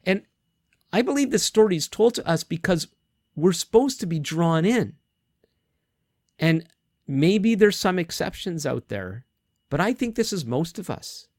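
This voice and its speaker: A man delivering a conversational sermon with thoughtful pauses and frequent restarts. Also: a little high, big pitch swings, a little mellow, no room sound, studio quality. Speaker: pastor.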